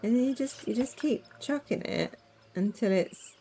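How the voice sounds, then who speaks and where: A woman's voice: a little high, moderate pace, mellow, slight background noise. A woman streaming a game, chatting casually with rambling asides and giggles. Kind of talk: casual let's-play commentary.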